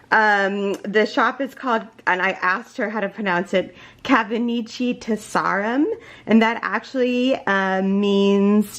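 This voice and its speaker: Woman vlogger, casual unboxing chat at home; gushing, excited, unhurried, full of fillers. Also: mid-range voice. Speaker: crochet vlogger.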